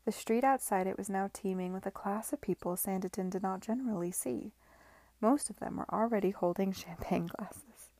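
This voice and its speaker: A woman reading a novel aloud with measured, expressive storytelling. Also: mid-range voice, no echo. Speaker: reader.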